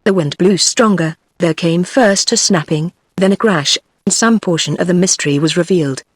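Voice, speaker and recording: A text-to-speech woman's voice with a British English accent, reading a classic novel aloud in even, steady narration. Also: on the low side, moderate pace, breathy edge, dry recording. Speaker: audiobook narrator. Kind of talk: scripted narration. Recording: dry.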